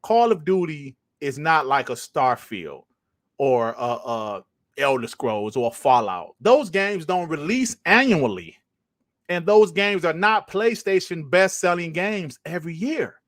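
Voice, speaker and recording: A man's voice: a little high, lively intonation, a little slow, fairly bright tone, dry recording, clean studio sound. A man hosting a podcast, ranting casually and emphatically, swearing and repeating points for stress. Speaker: podcast host.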